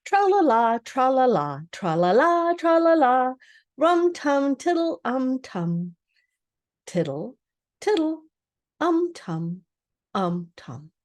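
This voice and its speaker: Older lady doing a simple happy bear, high and sing-song, lots of ups and downs. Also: wildly swooping pitch, darkish tone, breathy edge, full character voice. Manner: sing-song humming, slow and drawn out. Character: honey-loving bear, simple and cheerful.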